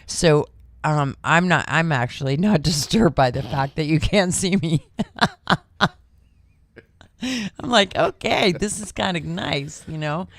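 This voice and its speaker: A woman's voice: deep voice, animated, slow pace, long pauses. A woman co-hosting a casual morning talk show, chatty and blunt with many fillers. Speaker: radio co-host. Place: studio.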